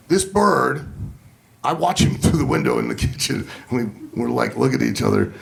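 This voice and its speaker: A man in his fifties telling profane, animated stories during a stand-up set on a comedy club stage. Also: mid-range voice, gravelly. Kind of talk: stand-up storytelling.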